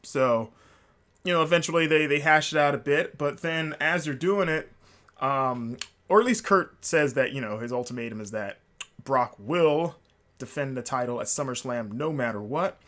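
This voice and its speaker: A man's voice: mid-range voice, normal speed, a bit bright. A man hosting a casual solo podcast, rambling and enthusiastic, with lots of fillers and restarts. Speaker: podcast host.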